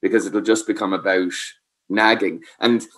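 A man's voice: on the low side, steady tone, moderate pace, fairly bright tone. A man giving parenting advice, explaining patiently and checking that the listener follows. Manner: explains patiently, asks "does that make sense?". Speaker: parenting expert. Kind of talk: advice talk.

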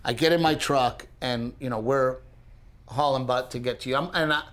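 A man co-hosting a casual podcast, telling a story in an animated way, speeding up when excited and restarting his sentences often. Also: mid-range voice, moderate pace. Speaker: podcast co-host.

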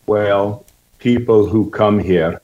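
Deep, slow man practicing an accent. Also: steady tone, darkish tone, muffled recording. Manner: repeats lines after the coach. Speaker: acting student learning an accent.

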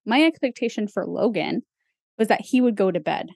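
A woman's voice: medium pitch, expressive, normal speed, creaky, a little mellow, slightly rough, dry recording, studio quality. A young woman co-hosting a podcast, talking in a casual, chatty way with lots of fillers and small laughs. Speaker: podcast co-host. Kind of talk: casual chat.

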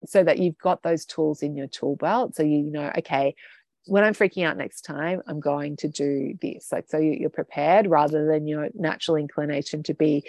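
A woman leads a group coaching session over a video call, speaking in a low, gravelly voice. She rambles loosely, with lots of fillers and self-corrections. The sound is close and dry. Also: dark tone, no echo. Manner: rambling, many fillers and restarts.

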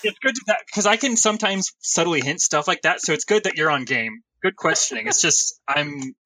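A man's voice: a little high, expressive, brisk, pushed and bright, poor audio. A man running a tabletop role-playing game, chatting casually and laughing at himself. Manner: self-deprecating, laughs often. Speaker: game master.

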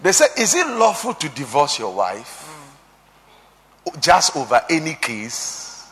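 Man, preacher, sermon, high voice, very animated delivery, shouts and hushed drops, long hall reverb. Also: slow pace. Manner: preaching with sudden shouts and quiet drops, quoting scripture.

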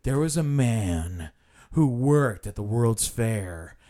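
A man imitating an overly dramatic male tour guide who narrates slowly and theatrically. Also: mid-range voice, animated, dark tone. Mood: droning. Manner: slow, theatrical storytelling delivery.

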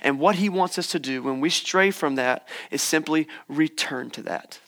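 A young male pastor delivers a sermon in a church with a slightly high-pitched voice. He talks to the congregation in a conversational, encouraging way and drops playful asides along the way. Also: normal speed, a bit bright. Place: church hall.

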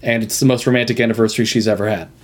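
A man's voice: on the low side, fairly even intonation, rapid-fire, slight background noise. A man chatting casually as a podcast co-host, rambling with many ums and unfinished phrases. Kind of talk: casual chat about a cartoon.

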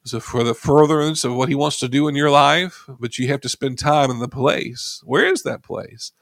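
A man's voice: medium pitch, normal speed, vocal fry, no room sound, clean studio sound. A man preaching a sermon, reading scripture aloud and leading his listeners in prayer.

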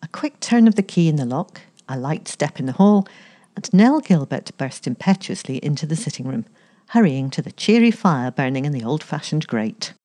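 A woman reading a story aloud in an expressive, measured way. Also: low-pitched. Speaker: story reader.

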